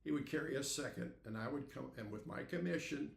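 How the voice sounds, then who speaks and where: Older man in his eighties, gravelly voice, folksy unhurried storyteller, roomy echo. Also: medium pitch. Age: 80s. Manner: folksy, unhurried, acts out dialogue with laughs. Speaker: podcast host. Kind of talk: storytelling monologue.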